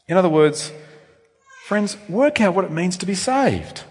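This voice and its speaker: A man preaching a sermon in a church, with animated delivery that swings between loud emphasis and quiet reflection. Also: high voice, measured pace, slightly rough. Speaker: pastor. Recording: long reverb in a church.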